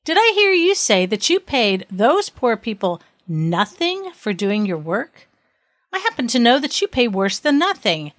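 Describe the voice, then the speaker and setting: A woman voicing a stern, just king who commands and questions forcefully in a read-aloud story. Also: mid-range voice, very animated, normal speed, dry recording.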